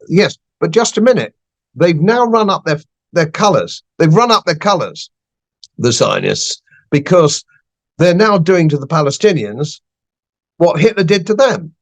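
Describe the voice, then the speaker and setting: A man's voice: high voice, sing-song, moderate pace. An older man, a podcast guest giving blunt, emphatic political opinions and repeating phrases for stress.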